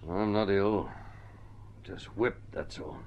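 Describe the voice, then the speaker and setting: An actor playing a weary, defeated man in a vintage radio drama, terse and flat-spoken. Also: lowish voice, slow. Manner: flat and terse, flaring up when stung.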